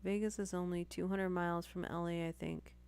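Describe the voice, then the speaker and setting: A woman's voice: fairly low pitch, level tone, fairly quick, darkish tone, smooth. A woman hosting a live stream, reading stories aloud and breaking off for chatty asides and apologies.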